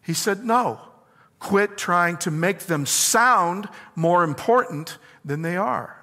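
A man preaching with a bright, forceful voice pitched somewhat high. He drives his points home by asking his listeners questions and answering them himself. The sound rings out with a long reverb, as in a church hall. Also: animated, slow. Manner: emphatic, asks the congregation questions and answers them. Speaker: pastor. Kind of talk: sermon.

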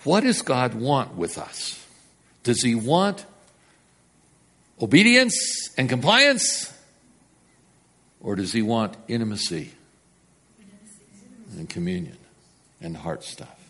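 A man preaching a sermon, telling the story with big swings from loud and emphatic to hushed. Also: medium pitch, wildly swooping pitch, slow, long pauses.

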